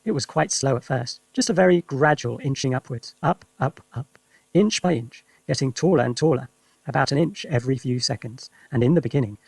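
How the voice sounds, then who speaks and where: A man reading a children's story aloud for English learners with lively, expressive narration. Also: medium pitch, brisk, vocal fry, slightly rough, no room sound. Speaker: reader.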